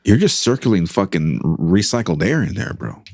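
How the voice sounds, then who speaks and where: A male podcast co-host reacts to stories with crude, slangy interjections. His voice is very low but moves around a lot in pitch. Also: very animated, moderate pace, vocal fry, a little mellow, dry recording, clean studio sound. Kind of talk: casual chat.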